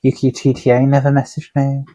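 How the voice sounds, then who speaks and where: A man's voice: mid-range voice, monotone, brisk, mellow, slight background noise. A man, a tattooer co-hosting a podcast, telling long rambling anecdotes in casual chat with plenty of swearing.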